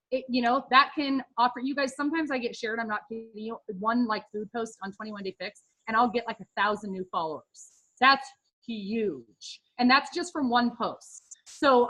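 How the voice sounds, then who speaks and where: A woman's voice: medium pitch, fairly bright tone, rough recording. A woman in her thirties, a fitness coach, talking casually and upbeat about social media tips, with lots of fillers.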